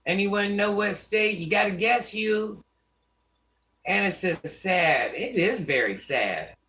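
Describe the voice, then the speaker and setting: A woman's voice: medium pitch, lively intonation, slow, a bit bright, far from the mic, rough recording. An older woman hosting a live stream, scolding commenters by name and chatting with viewers. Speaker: livestream host.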